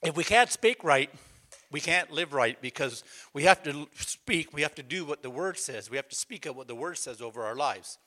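A man's voice: fairly high pitch, expressive, normal speed, pushed and bright. A man preaching a sermon, emphatic and calling out to the congregation, with a conversational storytelling manner full of restarts. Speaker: pastor.

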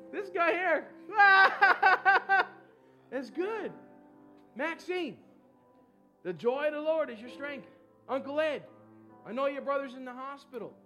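A male pastor leading a charismatic church service, praying fervently and urging the congregation with shouts and laughter. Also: very high voice.

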